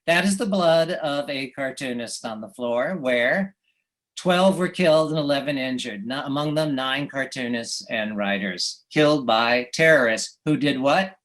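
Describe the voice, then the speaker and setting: An American man, a cartoonist, giving a wry, anecdotal slide presentation, pausing often with fillers and little chuckles. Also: fairly high pitch, fairly bright tone. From United States.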